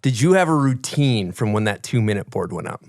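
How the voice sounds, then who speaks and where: A man's voice: on the low side, expressive, brisk, darkish tone. A man hosting a podcast, asking long, laid-back questions and swearing casually. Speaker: podcast host. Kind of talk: casual interview chat.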